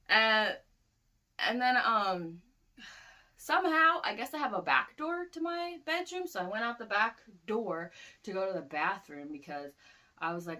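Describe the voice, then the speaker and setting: A woman's voice: lowish voice, lively intonation, moderate pace, pushed and bright. A woman in her twenties casually recounting a story, with loose, profane talk full of "like". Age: 20s. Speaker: vlogger.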